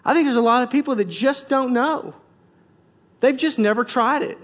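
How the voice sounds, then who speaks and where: A man's voice: extremely high pitch, moderate pace, in a large hall. A man, a pastor, preaching a conversational, joking sermon, full of restarts and acted-out quotes.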